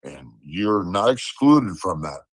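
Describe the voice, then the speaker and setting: A man's voice: low voice, big pitch swings, slow pace, no room sound. A man co-hosting a casual sports talk livestream, teasing and playfully needling his partner.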